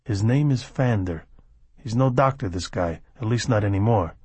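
A man's voice: fairly low pitch, normal speed, darkish tone, husky. A man voicing a curt, commanding gangster who gives orders over the phone.

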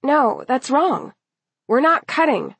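A woman voicing a timid, anxious teenage schoolgirl who answers softly and hesitantly. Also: high voice, sing-song, slow, creaky, slightly rough, dry recording, voice pushed up, full character voice. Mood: protesting.

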